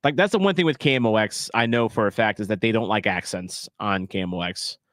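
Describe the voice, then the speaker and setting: A man's voice: on the low side, fairly quick, fairly bright tone, dry recording, clean studio sound. A man in his thirties hosting a casual live watch-along stream, chatty and self-deprecating, rambling between topics.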